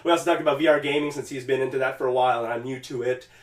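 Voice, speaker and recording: A man's voice: medium pitch, fairly even intonation, very fast, echoey room, far from the mic. A man co-hosting a podcast, casually retelling a game scene and acting out the characters' lines, swearing freely. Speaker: podcast co-host.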